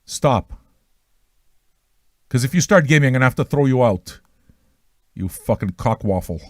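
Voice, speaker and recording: A man's voice: medium pitch, lively intonation, normal speed, darkish tone, no room sound, studio quality. A man hosting an online music radio livestream, joking crudely and rambling as he welcomes listeners. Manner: joking, self-mocking, crude. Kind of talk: profane, rambling livestream banter.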